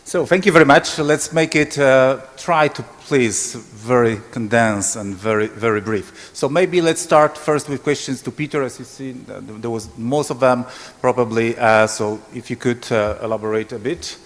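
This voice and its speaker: A man moderating a conference Q&A in a polite, hesitant, halting way. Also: medium pitch. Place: conference hall. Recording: long reverb in a conference hall.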